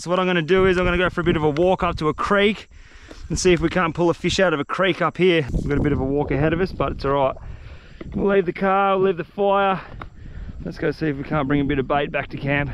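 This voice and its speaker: A young man with an Australian accent, vlogging his fishing trip outdoors in the bush, excitable and slangy. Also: a little high, fast talker, slight background noise. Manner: excitable, slangy, swears freely. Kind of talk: outdoor vlog talking to camera.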